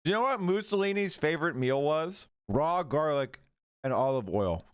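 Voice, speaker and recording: Animated sarcastic male streamer. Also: on the high side, normal speed, smooth, no echo, studio quality. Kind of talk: casual livestream commentary.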